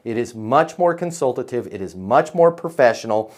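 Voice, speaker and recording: A man's voice: mid-range voice, animated, moderate pace. A man coaching salespeople on a live video call, emphatic and punchy, checking in with "right?" and "okay?" as he goes.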